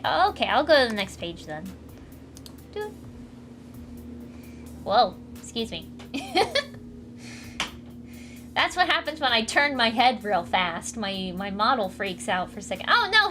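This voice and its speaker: A woman's voice: fairly high pitch, expressive, measured pace, fairly bright tone. A woman on a livestream, chatting casually and giggling while she reads comics and thanks donors. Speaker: streamer reading comics aloud. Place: home room. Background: faint music, dryer running.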